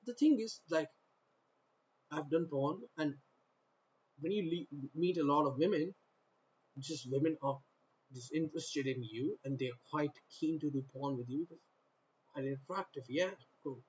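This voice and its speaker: A man's voice: a little high, unhurried, long pauses, darkish tone, slight background noise. Rambling man from North India, lo-fi. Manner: rambling, with repeated phrases and stop-start sentences. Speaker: vlogger. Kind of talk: rambling to-camera monologue.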